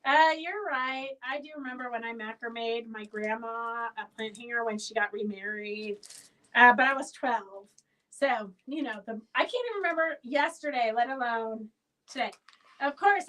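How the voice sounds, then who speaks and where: A woman's voice: high-pitched, normal speed, fairly bright tone, distant mic, low-quality recording. A woman who owns a fabric shop hosts a live sale stream, chatting in a rambling way and calling out auction winners by name.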